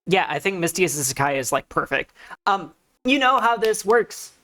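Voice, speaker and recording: Chatty, excitable woman streamer. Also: fairly low pitch, normal speed. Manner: chatty and excitable, rambling with restarts. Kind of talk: casual gaming stream chat.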